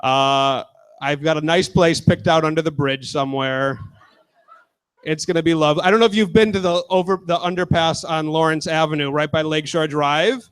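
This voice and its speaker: A man. His voice sits high for a man, and his delivery is loose and crude. He keeps turning to the crowd to chat. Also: steady tone, normal speed, clear, resonant tone. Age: 20s. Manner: casual, crude, talks with the crowd. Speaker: stand-up comedian. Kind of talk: stand-up set.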